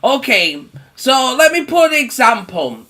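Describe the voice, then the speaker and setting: Slow, bright-voiced man ranting profanely. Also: very high-pitched, big pitch swings. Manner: rambling, swears a lot, laughs between points; mocks others with put-on voices. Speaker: horror movie vlogger. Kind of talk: profane casual rant.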